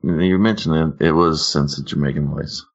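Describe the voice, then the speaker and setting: A very deep-voiced man with a gravelly rasp trades blunt, joking lines on a stream. His sound is dull and lo-fi, missing the top end. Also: steady tone, moderate pace. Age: adult parent. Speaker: stream co-host. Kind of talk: casual profane chat.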